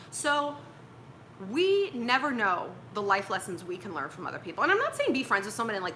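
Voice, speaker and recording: A young woman chats her way through dating advice on a livestream, blunt, joking and acting out quoted lines. Her voice is bright and lively, swinging high and low. Faint noise sits under the recording. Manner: animated, blunt and joking, acts out quoted speech. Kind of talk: casual livestream advice chat.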